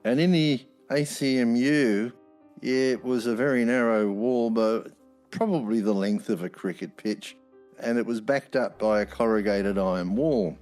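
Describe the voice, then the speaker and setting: A man's voice: medium pitch, measured pace, a little mellow, soft background music. A man, a former prison officer telling stories bluntly, swearing freely, with wry humor. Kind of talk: anecdotal storytelling.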